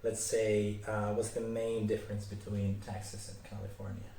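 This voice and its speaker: A man's voice: lowish voice, completely flat delivery, moderate pace, vocal fry, dark tone, slight background noise. A man hosting his channel, interviewing a guest with loose questions full of fillers. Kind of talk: casual interview. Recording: echoey, distant, with ambience.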